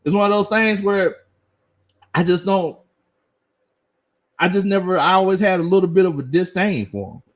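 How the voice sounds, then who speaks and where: A middle-aged sports show host runs a casual live stream, reading viewer comments, laughing a lot, and using Southern slang with animated energy. His voice sits high, and he talks at a moderate pace with frequent pauses.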